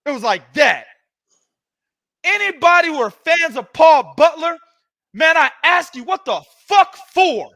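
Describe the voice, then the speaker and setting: A man hosting a boxing podcast, giving heated, profane, loud ranting commentary. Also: very high voice, very animated, measured pace, gravelly.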